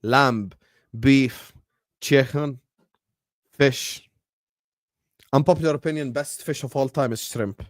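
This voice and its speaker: A man hosting a football watchalong stream, bantering with chat and breaking into loud bursts when the match heats up. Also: medium pitch, takes it slowly, pauses often, dry recording, studio quality. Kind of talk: casual live-stream chat with match commentary.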